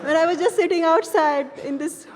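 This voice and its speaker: A woman's voice: high-pitched, steady tone, normal speed, darkish tone, some chatter behind, slight background noise. A woman in the audience asking for guidance, hesitant and searching for words. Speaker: audience member. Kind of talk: hesitant question from the floor. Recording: long hall reverb.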